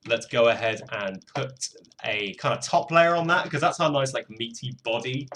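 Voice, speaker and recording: A man's voice: medium pitch, moderate pace, a bit bright, a little hiss or hum. A young British man chatting casually while he produces music on a live stream, self-deprecating and swearing freely. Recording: faint music behind voice.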